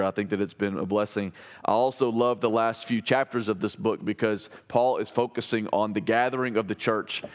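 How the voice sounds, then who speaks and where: A man's voice: fairly low pitch, in a large hall. A male pastor preaching a sermon in a church, talking conversationally with frequent restarts and fillers. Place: church sanctuary.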